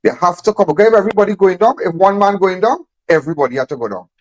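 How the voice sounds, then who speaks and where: A man's voice: sits high, expressive, racing, dry recording. A man speaking emphatically, repeating phrases and firing off rhetorical questions. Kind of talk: impassioned on-camera talk.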